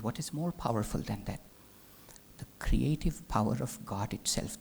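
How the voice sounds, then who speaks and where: A man giving a spiritual talk as a teacher, telling a legend as an animated storyteller who drops into hushed whispers. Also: lowish voice, a little hiss or hum. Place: live talk venue.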